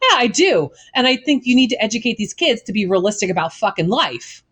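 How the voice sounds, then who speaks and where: Female co-host, teacher, blunt and profane, rants hard; voice a touch high. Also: lively intonation, fairly quick, a bit bright, husky. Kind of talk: casual podcast chat.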